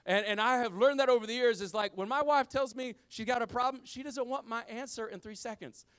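A middle-aged pastor delivers a sermon in a casual, slang-filled style, his smooth voice moving a little fast. He alternates between loud emphasis and hushed, low lines.

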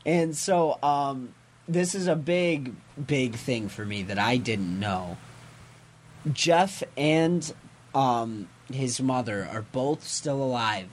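A male podcast co-host with a mid-range voice speaks slowly over a slight hiss or hum. He casually recaps a comic, full of fillers and self-corrections, and acts out the characters' lines.

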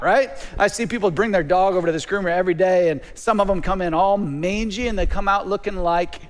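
A man preaching a sermon as a pastor, animated, with repeated phrases and quick stammered restarts. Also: high-pitched. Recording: long reverb of a large hall.

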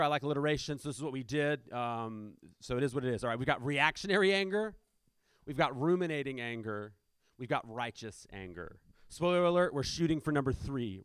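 A man's voice: mid-range voice, no echo. Preacher guy chatting through a sermon, tossing out questions to the crowd, dry close sound. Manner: conversational, with rhetorical questions and asides. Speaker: pastor.

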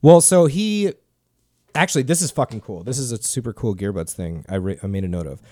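A man in a casual podcast chat, mid-pitched, rambling through a story with lots of fillers and swearing. The sound is dry and close. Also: animated, fairly quick, mellow, no room sound. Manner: rambling, loose, swears often. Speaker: podcast host.

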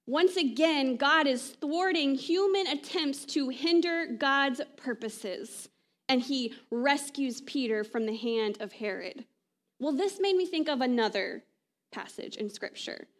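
A woman pastor delivering a sermon in a conversational way, often checking in with "right?" and trailing off softly at the ends of phrases. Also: high-pitched. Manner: conversational preaching, frequent "right?" asides.

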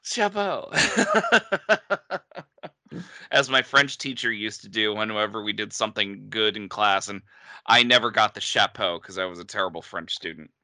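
A man's voice: fairly low pitch, brisk, bright, forceful tone, no echo. A man from New England telling a funny story in a casual chat as podcast co-host, laughing often.

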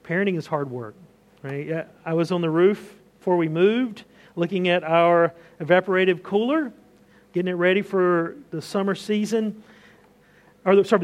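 Pastor, thirties, male, fairly high voice, easy conversational sermon delivery with rhetorical questions. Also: normal speed.

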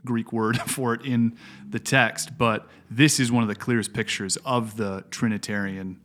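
A man's voice: medium pitch, steady tone, unhurried, a bit bright. A middle-aged man, a preacher, talks through a Bible passage in a casual discussion, thinking aloud with frequent fillers and restarts. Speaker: preacher discussing his sermon.

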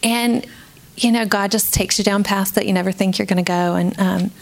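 A woman's voice: mid-range voice, steady tone, normal speed, gravelly. Woman, mid-range voice, candid and reflective faith testimony with the odd light laugh. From Georgia, USA. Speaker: speaker sharing a personal testimony.

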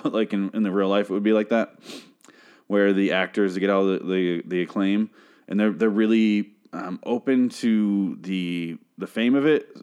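A man's voice: fairly low pitch, darkish tone. A young man giving a casual, profane, exasperated recap of a TV show.

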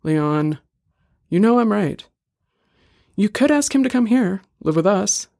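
A man voicing a gentle young woman, an army officer's wife, speaking softly. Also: high-pitched, lively intonation, measured pace, creaky, no echo, clean studio sound, voice pushed up, exaggerated voice. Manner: soft and gentle.

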